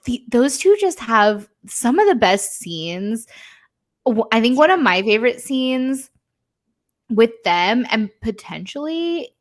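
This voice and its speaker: Animated woman retelling scenes. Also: on the high side, slow. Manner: animated storytelling, acts out characters' lines, many "like" fillers. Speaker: podcast co-host. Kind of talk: casual chat recapping a show.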